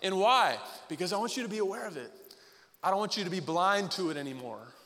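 A man preaching a sermon as pastor, loud and fiery, firing off rhetorical questions to his congregation. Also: sits high, expressive, fast, big-room sound.

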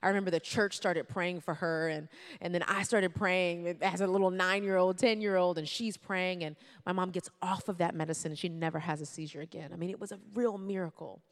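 Lively woman telling a story. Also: lowish voice, brisk. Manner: lively, acts out quotes, addresses listeners directly. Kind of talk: personal storytelling to an audience.

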